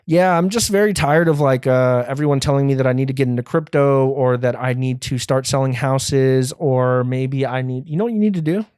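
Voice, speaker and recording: Rambling, foul-mouthed young podcast host. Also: male voice, medium pitch, fairly even intonation, moderate pace, hardly any pauses, darkish tone, smooth, dry recording, clean studio sound. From United States. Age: young adult. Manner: rambling, profane, often laughing. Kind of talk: comedic solo podcast monologue.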